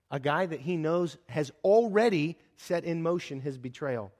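A man preaching a sermon in a conversational style, acting out the voices of the figures in his story with sudden jumps in pitch and volume. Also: lively intonation, moderate pace, few pauses, a little mellow. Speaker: pastor.

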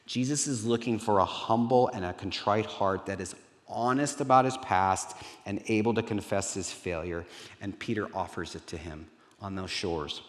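A middle-aged man, a pastor, preaching a sermon in an earnest way that turns lively when he acts out dialogue. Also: lowish voice, normal speed. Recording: reverberant hall.

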